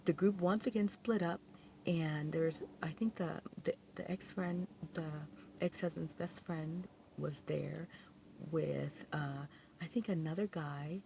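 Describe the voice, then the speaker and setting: Brief: woman storyteller, low gravelly voice, rambling and indignant, lots of asides. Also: slight background noise. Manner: rambling, full of "you know" asides and restarts; indignant, animated retelling. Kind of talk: casual personal storytelling.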